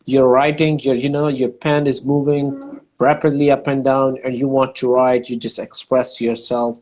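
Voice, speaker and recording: A man's voice: medium pitch, level tone, normal speed, rough recording. Man with a Pakistani English accent. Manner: warm, chatty, searching for words, many fillers. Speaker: host. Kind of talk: casual interview conversation.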